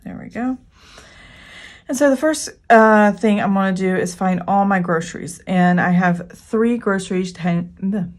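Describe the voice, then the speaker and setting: A woman's voice: medium pitch, a little slow. A woman hosting her own budget planning channel, talking casually and rambling with frequent fillers. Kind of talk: casual chatty vlog walkthrough.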